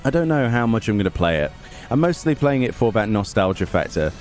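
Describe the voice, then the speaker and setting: A man's voice: on the low side, very animated, brisk, a little mellow. Sarcastic man talking over game music. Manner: sarcastic, grumbling asides. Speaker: gaming YouTuber. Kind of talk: casual let's play commentary. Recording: game music playing under the voice.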